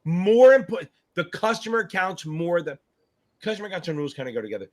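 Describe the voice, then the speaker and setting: A man's voice: on the high side, fast, a little hiss or hum. A man hosting a live exam-prep Q&A stream, chatting casually, swearing freely, hyping up viewers and thinking aloud as he reads comments. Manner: animated, profane, hypes up viewers; scattered, thinks aloud while reading comments. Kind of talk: casual livestream chat.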